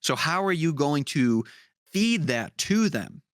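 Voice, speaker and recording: A man's voice: a little high, sing-song, takes it slowly, dry recording, clean studio sound. A young man co-hosting a podcast in casual chat, laid-back, playful and profane. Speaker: podcast co-host.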